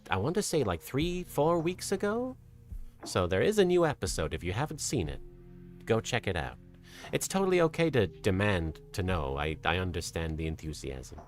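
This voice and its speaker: A soft-spoken streamer with an English accent drifting toward American, chatting casually with a live chat and working toward a lighter, more feminine voice placement. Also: low-pitched. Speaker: streamer and host. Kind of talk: casual livestream chat, reading out chat.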